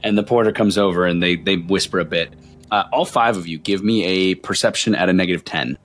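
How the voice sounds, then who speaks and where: A man's voice: deep voice, brisk. A man narrating as game master of a tabletop role-playing game, often stumbling and repeating words.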